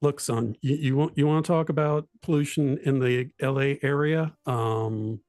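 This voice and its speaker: American man, measured newscaster tone, mid pitch, dry sound. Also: steady tone, darkish tone, no room sound, soft background music. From United States. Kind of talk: casual chat.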